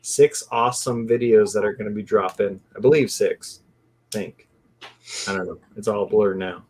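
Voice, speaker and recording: A man hosting a live barbecue stream, chatting in an excitable, rambling way and saying "dude" a lot. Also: fairly low pitch, normal speed, slightly rough. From California. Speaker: host of a live barbecue show. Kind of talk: casual live-stream chat.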